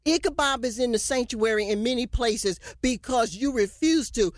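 A woman's voice: on the high side, normal speed, few pauses, no room sound, clean studio sound. A woman preaching a fervent prophetic sermon, declaiming messages in the voice of the Lord.

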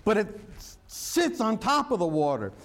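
A man's voice: sits high, huge pitch swings, moderate pace, a bit bright. A man preaching a sermon as pastor, mixing jokes and stories into his teaching and drawing out key words for emphasis. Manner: humorous, joke-telling preacher.

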